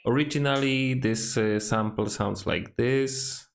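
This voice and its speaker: Gravelly slow-talking man with lots of fillers. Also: medium pitch. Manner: hesitant, many fillers and restarts. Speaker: music producer. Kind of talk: casual tutorial walkthrough.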